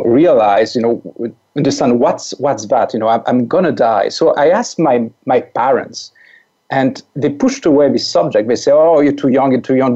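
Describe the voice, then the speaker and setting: A French man in his forties, a life coach, chats casually as a podcast guest, repeating words while he hunts for them and laughing as he speaks. His medium-pitched voice is mellow, and the lo-fi recording sounds dull.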